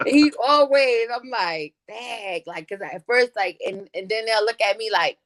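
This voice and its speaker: Woman, slightly high voice, animated storyteller, slangy, profane, casual podcast chat. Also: a little slow. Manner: animated storyteller acting out quotes in other voices. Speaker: podcast guest.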